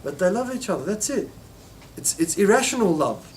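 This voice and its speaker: A man's voice: high-pitched, very animated, normal speed. A man teaching an informal religious lesson, telling stories and acting out quoted voices with many restarts.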